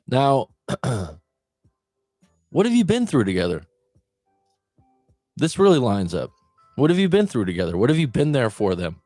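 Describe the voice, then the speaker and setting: A man's voice: mid-range voice, huge pitch swings, measured pace, long pauses, a little mellow, no room sound, faint music behind. A man, a breakup coach, talking straight to the listener and asking them questions. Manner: conversational, asks the listener questions. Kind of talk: direct-to-camera advice talk.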